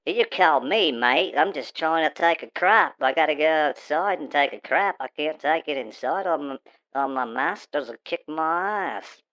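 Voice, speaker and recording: A man's voice: on the high side, animated, moderate pace, a bit bright, voice pushed up. A man voicing a crude, beer-drinking male talking dog with a put-on Australian accent, speaking over a muffled phone line. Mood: gruff. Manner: rude, slangy, calls listener mate.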